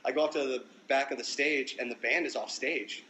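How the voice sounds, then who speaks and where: Young man, mid-pitch, casual profane storyteller on a phone livestream, light background noise. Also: fairly quick, rough recording. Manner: loose, profane, animated storytelling. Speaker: musician livestreaming to fans.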